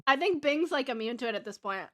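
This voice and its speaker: A young woman with a high, animated voice talks fast while streaming a farming game, faint game music behind her. She chats casually with viewers, giggles often and keeps talking as she eats.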